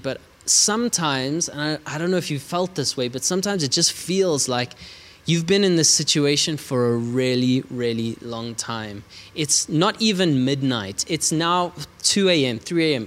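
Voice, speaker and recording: A man preaching a sermon in a fairly high voice. He drags key words out slowly and fires off rhetorical questions. A long hall reverb follows his speech. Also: animated, fairly bright tone. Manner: emphatic, stretches words slowly for emphasis.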